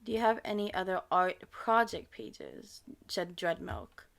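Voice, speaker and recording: An American woman with a lisp and a slight Filipino tinge to her accent answers viewer questions in a loose, meandering chat. Her voice sits a touch low for a woman. She stumbles, restarts and fills pauses with ums. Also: very animated, creaky. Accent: American with a slight Filipino touch from her parents. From United States. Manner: rambling and hesitant, many ums and self-corrections. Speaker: ASMR creator. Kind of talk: casual Q&A reading viewer questions.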